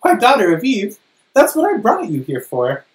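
A preacher voicing a male beaver from a children's storybook, reading his lines loudly and emphatically. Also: mid-range voice, huge pitch swings, normal speed, roomy sound, far from the mic, voice pushed up, rough recording. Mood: eager. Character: excited male beaver, gruff and devoted.

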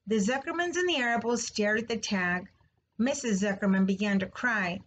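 A woman, a third grade teacher, reading a children's novel aloud slowly, clearly and expressively. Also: medium pitch, a bit bright, a little hiss or hum, low-quality recording. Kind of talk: storybook read-aloud.

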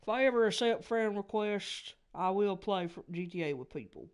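A man's voice: sits high, animated, moderate pace, clear, resonant tone. A man hosting a let's play, commenting nervously with lots of swearing. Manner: profane, nervous muttering. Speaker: gaming video host.

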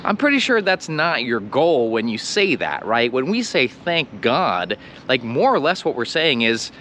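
A man's voice: medium pitch, very animated, moderate pace, fairly bright tone, slight background noise. An American man teaching English in a casual video lesson, playful and fond of acting out little scenes.

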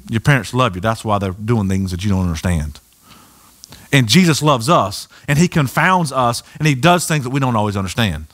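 A man preaching a sermon in a church, animated and acting out the voices of people in the story. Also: medium pitch, moderate pace. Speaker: pastor. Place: church sanctuary.

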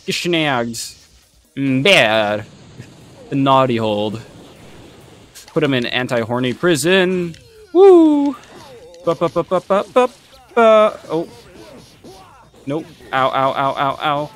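Young man, gameplay commentary, trash-talking and excitable, very lively pitch, faint game music behind. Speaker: gaming YouTuber.

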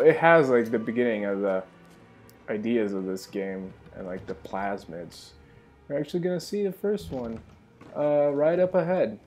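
A man's voice: mid-range voice, warm tone. A young man giving enthusiastic, rambling commentary while playing a game. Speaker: gaming channel host. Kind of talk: let's play commentary.

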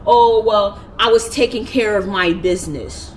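A woman's voice: medium pitch, a little slow, slight background noise, close to an everyday voice, rough recording. A woman mimicking an evasive man near forty. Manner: evasive, offhand excuses. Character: defensive man near forty, family member.

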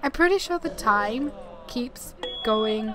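A woman talks through a video game at her desk in a chatty, self-narrating way, laughing at herself now and then. Her voice sits a little high and her pace is slow and unhurried. A clear, steady noise runs under the desktop mic recording. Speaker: gaming YouTuber. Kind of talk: let's play commentary. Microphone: desktop USB mic.

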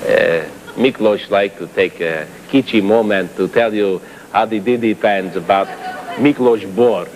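A man's voice: lowish voice, unhurried, background noise, natural voice. A man playing a middle-aged Hungarian host of a children's TV show who plugs his wine, talking in broken English with muttered asides. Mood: hustling. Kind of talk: 1950s live TV sketch comedy.

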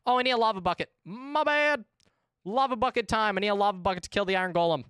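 A woman in her twenties, chatting casually and excitably with viewers while streaming a game, swearing freely. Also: mid-range voice, fast, smooth, no room sound, clean studio sound. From United States. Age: 20s. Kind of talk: casual live-stream chat.

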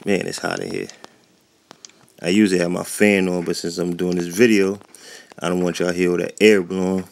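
A man's voice: low-pitched, flat delivery, normal speed, creaky, darkish tone. A man giving rambling, chatty gameplay commentary who often loses his train of thought, recorded indoors at home. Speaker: gaming YouTuber. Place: warm indoor room at home.

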